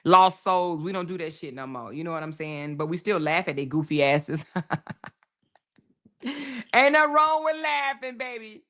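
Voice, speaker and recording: A woman hosting a casual livestream, reading viewer comments aloud, laughing often and talking loud and profane. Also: lowish voice, animated, moderate pace, pauses often. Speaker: livestream host.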